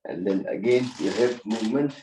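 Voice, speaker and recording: A man's voice: fairly low pitch, moderate pace, mellow, recorded from a distance, slight background noise, low-quality recording. A man leading a yoga class, giving short spoken cues in loose, non-native English phrasing. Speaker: yoga instructor. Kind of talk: guiding a laughter yoga class.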